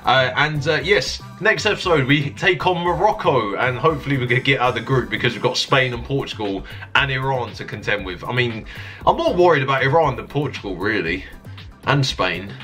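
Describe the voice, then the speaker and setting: A man commentating his own football management game, dry and self-mocking, shouting when a goal goes in. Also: medium pitch, animated, a little fast, faint music behind. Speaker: gaming YouTuber.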